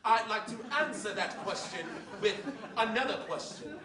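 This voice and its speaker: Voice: medium pitch, expressive, moderate pace, a crowd in the background, natural voice. An actor playing a boastful, grandiose male tycoon villain who laughs often, performed live on stage. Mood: smug. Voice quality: frequent showy laughter. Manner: smooth, grandiose showman. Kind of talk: live stage comedy acting. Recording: echoey hall from far off.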